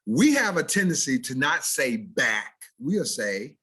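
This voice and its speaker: A man with a fairly high, slightly rough voice speaks unhurriedly as he teaches standard American diction over a video call. He's animated, playfully acting out the spoken errors he corrects.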